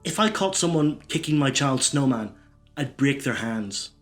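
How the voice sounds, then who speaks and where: A man's voice: mid-range voice, animated, a little slow, fairly bright tone, faint music behind. A man doing stand-up one-liners, rambling and stumbling over his words. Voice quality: rambling, self-interrupting. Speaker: stand-up comedian.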